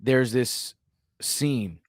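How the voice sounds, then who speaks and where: A man's voice: mid-range voice, drawn-out words, dry recording, clean studio sound. A man co-hosting a podcast in casual, slangy, rambling chat. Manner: slangy, laid-back, rambling. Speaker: podcast co-host, teacher.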